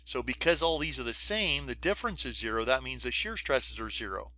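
A man's voice: medium pitch, animated, brisk, sharp tone, dry recording. A middle-aged man giving a recorded engineering lecture, walking through diagrams step by step with informal asides and checks like "you see that?". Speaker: engineering professor.

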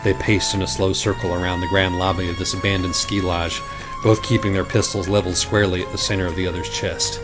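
A man's voice: sits low, little pitch movement, fast, music in the background. A man giving a wry, theatrical comic reading of a parody storybook.

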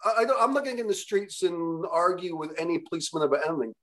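A man's voice: high-pitched, animated, very fast, fairly bright tone. Rambling, hesitant man interviewer. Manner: rambling, hesitant, many fillers and restarts. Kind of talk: casual conversation.

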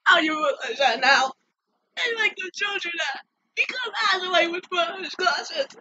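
Woman, high voice, wildly swinging pitch, tearful, swearing, emotional reaction vlog. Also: animated, normal speed, bright, forceful tone, muffled recording. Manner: emotional, swearing, talking back at the screen. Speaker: reaction video creator.

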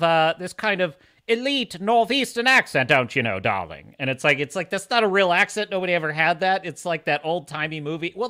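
Animated, laughing man host. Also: a little high. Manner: animated, laughs often, jokey asides. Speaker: podcast host. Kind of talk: live-stream chat reading viewer comments.

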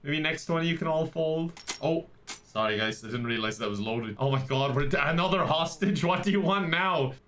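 A young man talks over his game in a playful, teasing way, joking at the other players and quickly saying sorry. His voice sits a touch high. A faint hiss of noise runs under the recording. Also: a bit bright. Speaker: gaming video host. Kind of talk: playful let's-play commentary.

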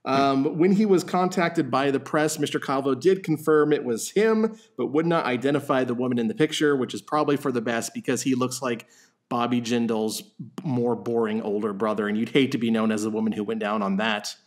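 A man hosting a podcast in loose, comedic conversation. His voice sits at an ordinary middle pitch, and he tells his stories with dry, wry punchlines. He laughs easily between lines. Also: a little fast. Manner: wry storyteller, laughs often. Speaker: podcast host. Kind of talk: casual comedic chat.

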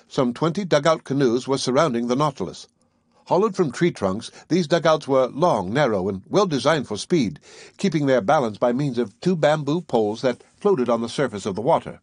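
Husky-voiced male audiobook narrator. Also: mid-range voice, animated, dry recording, clean studio sound. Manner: measured first-person storytelling.

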